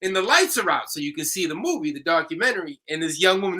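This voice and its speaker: A man with a very bright, fairly high voice co-hosts a discussion. He tells stories in an animated way and calls out slogans with energy. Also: quick pace. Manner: animated storyteller, shouts out slogans. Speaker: co-host, teacher. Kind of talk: casual discussion.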